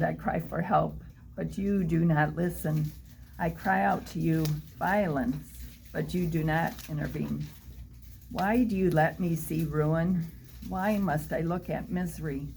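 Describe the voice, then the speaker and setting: A woman volunteer reading a passage of scripture aloud in a measured way. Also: deep voice, vocal fry, darkish tone, slight background noise, poor audio.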